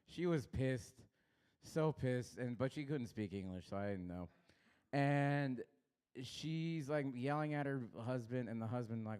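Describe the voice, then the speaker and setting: A young man from Los Angeles doing a crude stand-up set, baiting the crowd and swinging his pitch up and down. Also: unhurried, a little mellow, clear, resonant tone. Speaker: stand-up comedian. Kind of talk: stand-up set at an open mic.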